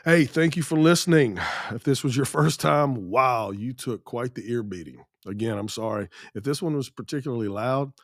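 A man hosting his own podcast in a blunt, swearing rant. He is sick with an ear infection, and his voice sits at a middle pitch. The sound is close and dry, with no room echo. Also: moderate pace. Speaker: podcast host. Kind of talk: angry solo podcast rant.

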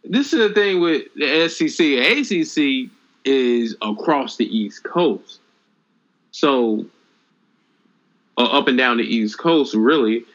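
A man chats about college football on a podcast in a measured, hedging way. His voice is bright and lively in pitch. The audio is dull and lo-fi. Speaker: podcast co-host. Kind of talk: casual sports chat.

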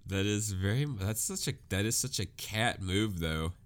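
A man's voice: on the low side, smooth. A man co-hosting a casual chat, talking animatedly, acting out quoted voices and laughing often. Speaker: podcast co-host.

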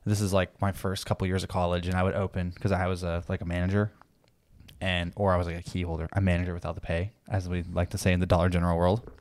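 A man's voice: low voice, flat delivery, fast, no room sound. A man in his twenties hosting a podcast, telling a profane story in a loose, laughing chat. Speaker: podcast host.

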